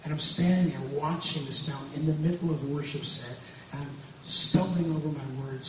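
A man's voice: a little high, steady tone, moderate pace, few pauses. A man speaking as a pastor, giving an earnest, emphatic personal testimony, often repeating himself and restarting. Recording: very echoey distant room, dull and noisy.

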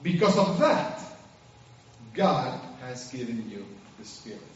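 Male preacher, sermon, animated storytelling, very echoey hall, dull distant recording. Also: medium pitch, slow pace. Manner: animated storytelling, acts out scenes.

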